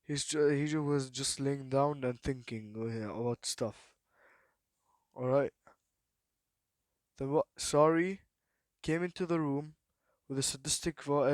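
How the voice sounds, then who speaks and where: Male storyteller, off-the-cuff and halting, mid-range voice, dry close recording. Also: mid-range voice, no echo. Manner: halting, full of fillers and repeated "then what?". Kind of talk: rambling improvised fan story retelling.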